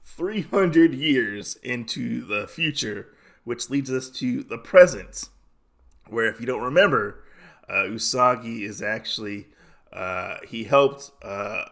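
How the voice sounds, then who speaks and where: A man's voice: medium pitch, creaky, bright, forceful tone. A young adult man hosting a podcast, casually recapping a comic with lots of fillers. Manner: rambling, many fillers. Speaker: podcast host.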